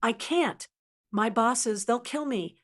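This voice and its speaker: A woman voicing a slick, desperate male con man who talks in smooth sales patter and turns to hissed pleading. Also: on the high side, slow pace, fairly bright tone. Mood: panicked.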